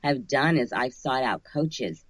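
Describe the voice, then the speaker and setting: A woman's voice: very deep voice, expressive, unhurried, no room sound. A woman who narrates audiobooks, talking casually in an interview, thoughtful and often restarting her phrases.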